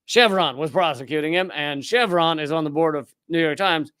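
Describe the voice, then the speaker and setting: Rapid and sardonic with frequent restarts, a Southern-accented man from Richmond, Virginia runs a live political commentary stream and responds to the chat. His voice is a little high, a bit bright and smooth, in a dry, studio-quality recording.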